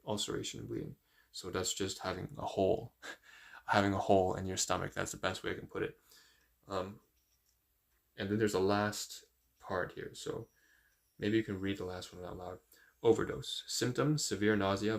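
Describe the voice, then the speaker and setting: Low, gravelly man reading aloud. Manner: reads aloud haltingly, stumbling over long words; thinks aloud with frequent fillers. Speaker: livestreamer. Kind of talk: casual live-stream study talk, reading aloud.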